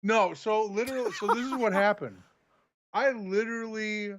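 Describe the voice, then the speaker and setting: A man co-hosting a casual review show over a call, calm, dry and understated. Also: high voice, moderate pace, slight background noise. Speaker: podcast co-host. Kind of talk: casual chat.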